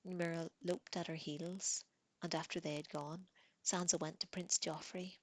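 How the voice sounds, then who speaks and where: Low, soft-spoken woman reading aloud. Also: level tone, moderate pace, dry recording. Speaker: reader.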